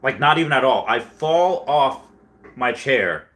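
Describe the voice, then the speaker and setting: A man's voice: mid-range voice, expressive, a little slow, a bit bright. Rambling young man chatting on stream. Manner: rambling, self-deprecating storytelling with frequent fillers. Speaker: livestream host. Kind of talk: casual livestream chat reading viewer comments.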